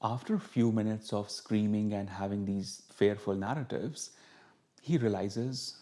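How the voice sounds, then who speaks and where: Calm, mellow-voiced man. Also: fairly low pitch, measured pace. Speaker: spiritual teacher. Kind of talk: storytelling monologue to camera.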